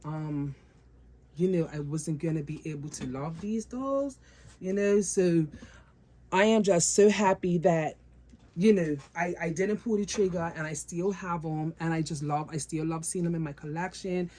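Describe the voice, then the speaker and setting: A woman's voice: lowish voice, moderate pace, warm tone. A woman vlogger talking casually to her viewers about her doll collection, repeating phrases for emphasis and calling them guys.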